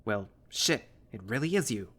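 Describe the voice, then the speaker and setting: A man's voice: fairly low pitch, animated, moderate pace, fairly bright tone, husky. A man voicing a small male bat, a blunt and crude former bully, in a visual novel reading. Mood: gruff.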